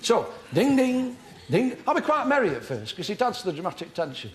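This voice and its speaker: On a live television comedy show, a man portrays a self-important, fussy middle-aged amateur acting coach, lecturing earnestly in a deadpan, pedantic tone. His voice sits high and races along, and the studio recording carries heavy background noise and audience laughter.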